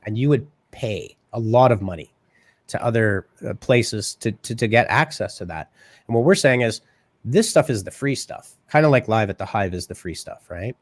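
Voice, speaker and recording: A man hosting a live marketing show, talking fast and casually and often checking in with "right?". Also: on the low side, expressive, no echo. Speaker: host.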